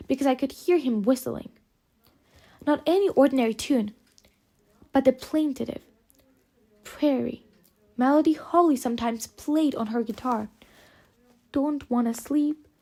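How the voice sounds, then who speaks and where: A woman reading an audiobook aloud, narrating in measured, phrase-by-phrase delivery. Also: high voice, darkish tone. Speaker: audiobook reader. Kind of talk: scripted narration.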